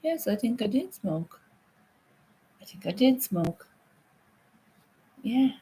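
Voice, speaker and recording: Slow-talking, chatty woman streamer. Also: fairly high pitch, very animated, dark tone, slightly rough. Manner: chatty, swearing, laughing often. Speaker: livestream host. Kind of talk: casual livestream chat reading comments.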